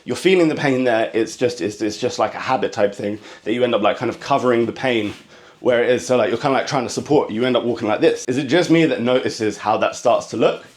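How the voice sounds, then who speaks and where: A fast-talking English man does stand-up, telling a story in an animated comedic monologue. He speaks quickly and impatiently and bursts into high mock voices.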